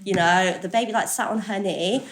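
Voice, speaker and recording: A woman's voice: mid-range voice, normal speed. A woman giving a candid, self-deprecating personal testimony at a recovery workshop, talking casually and swearing now and then. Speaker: recovery meeting speaker. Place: workshop room with listeners.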